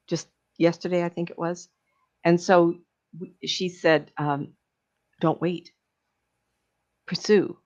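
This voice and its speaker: Older woman, casual and anecdotal delivery, gravelly voice, dull lo-fi sound. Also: fairly low pitch. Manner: rambling, anecdotal, laughs often. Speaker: psychic medium giving a talk. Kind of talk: casual talk.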